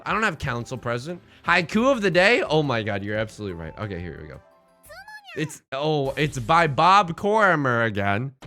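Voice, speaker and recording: A man streaming a mahjong game, chatting casually with his chat in a jokey, animated way with mock-heated rants. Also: on the high side. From born outside the United States. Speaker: Twitch streamer playing mahjong.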